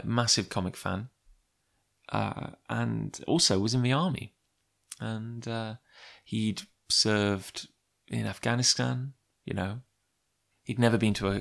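A man's voice: fairly low pitch, creaky, a bit bright. A man telling a personal anecdote in a chatty, rambling way with lots of fillers. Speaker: comic creator. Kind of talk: casual personal storytelling.

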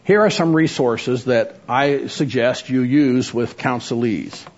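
A man's voice: medium pitch, slow, a little mellow. A man teaching a lecture on biblical counseling, earnest and exhorting, with frequent filler words. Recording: muffled lo-fi recording.

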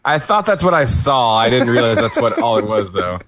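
A man co-hosting a podcast, giving a relaxed play-by-play recap of a wrestling match with light laughs. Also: medium pitch, brisk, a crowd in the background. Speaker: podcast co-host.

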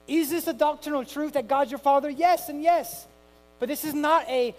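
A middle-aged man preaching a sermon with passion, moving from hushed tones to loud cries. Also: very high voice, brisk, soft background music, rough recording. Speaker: pastor.

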